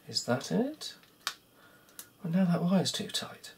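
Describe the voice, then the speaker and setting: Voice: medium pitch, big pitch swings, slow, vocal fry, long pauses, darkish tone, slight background noise. A vlogger muttering sarcastic, grumbling commentary to themselves while taking apart a device at an indoor workbench. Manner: sarcastic, grumbling self-talk. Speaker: electronics repair vlogger.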